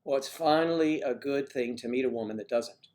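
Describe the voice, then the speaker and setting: A man talking casually on his own livestream at home, in a voice of ordinary middle pitch. He jokes and rambles, hopping from one topic to the next. His tone stays loose and conversational. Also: brisk, a little mellow. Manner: chatty, joking, drifting between topics. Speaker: livestream host.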